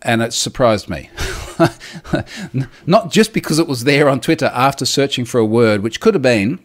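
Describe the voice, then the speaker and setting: A man's voice: mid-range voice, animated, normal speed. A man hosting a casual solo talk about online security, explaining technical points in detail with wry asides and reading out viewer comments.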